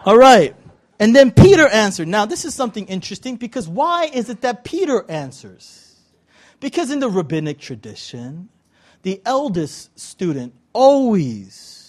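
A male pastor from California preaching a conversational sermon to a congregation, playful and animated, with frequent asides and questions to the audience. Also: sits high.

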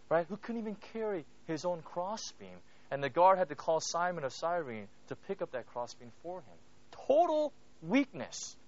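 A man with a high, lively voice preaches a sermon to his church, swinging from hushed lows to loud peaks. He keeps asking "right?" and "you know?" as he talks. The recording sounds dull and lo-fi. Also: no echo. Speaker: pastor.

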